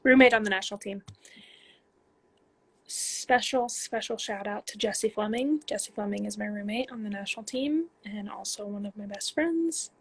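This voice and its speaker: A woman's voice: medium pitch, moderate pace, breathy edge. A woman in her twenties from Canada, a pro soccer player reading fan questions aloud and answering them in a casual, chatty livestream on her phone.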